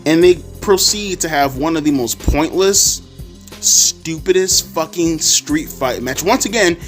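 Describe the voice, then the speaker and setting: A man's voice: expressive, unhurried, faint music behind. A man giving a sarcastic, exasperated, profanity-heavy rant reviewing a wrestling show. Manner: mocking squeaky voices for people he quotes. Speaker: wrestling commentary podcaster.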